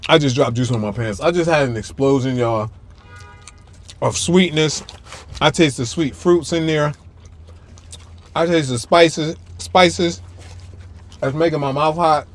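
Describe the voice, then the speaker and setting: A man's voice: a little high, normal speed. A man hosting a casual food-tasting vlog from the back seat of a parked car, chatting to viewers while he chews and hums his approval. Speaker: food vlogger host. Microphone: camera-mounted mic, a little far off.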